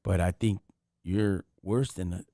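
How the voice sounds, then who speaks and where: A man's voice: low-pitched, fairly even intonation, a little slow, warm tone, no room sound, clean studio sound. A man hosting a casual live stream. He talks in street slang and keeps firing rhetorical questions.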